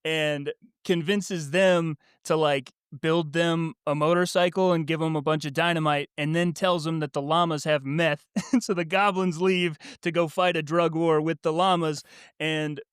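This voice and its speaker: Smooth-voiced man telling a laughing story. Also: fairly high pitch, fairly even intonation, moderate pace, dry recording, studio quality. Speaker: podcast co-host. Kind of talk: casual chat.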